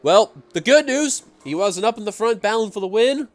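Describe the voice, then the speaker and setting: A man doing play-by-play commentary on a simulated stock car race, excitable and running out of breath. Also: sits high, normal speed, dry recording. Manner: excitable, builds to shouting at the finish. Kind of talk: sim racing play-by-play commentary.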